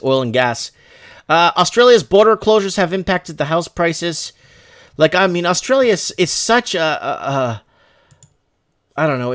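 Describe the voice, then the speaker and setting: Male livestream host from Canada, slightly higher voice, rambling and off the cuff. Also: a bit bright. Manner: rambling, reads viewer emails aloud, many restarts. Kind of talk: casual livestream commentary.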